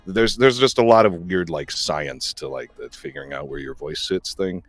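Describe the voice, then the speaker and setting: A man's voice: low-pitched, moderate pace. A man chatting casually on a stream, giving rambling explanations full of fillers. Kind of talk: casual chat.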